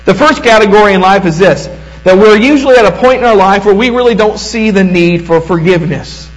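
A middle-aged man preaching a sermon as pastor, earnest, slowing down for emphasis and repeating words as he starts sentences. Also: high-pitched, rough recording. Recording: mains hum underneath.

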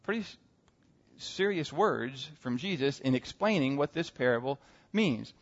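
A man preaching a sermon, retelling a parable with lively rhetorical questions. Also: mid-range voice, measured pace. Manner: animated storytelling with rhetorical questions. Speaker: pastor. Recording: muffled sound with long hall reverb.

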